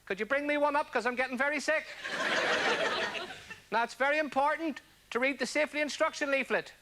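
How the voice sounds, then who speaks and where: A man putting on a bumbling male airline captain, giving slow, deliberate announcements. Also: extremely high pitch, very noisy. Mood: pompous announcing.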